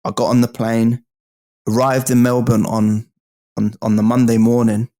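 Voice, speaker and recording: Animated man telling a story. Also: medium pitch, moderate pace. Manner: animated, swearing, addresses the host as bro and mate. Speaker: guest. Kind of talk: casual storytelling.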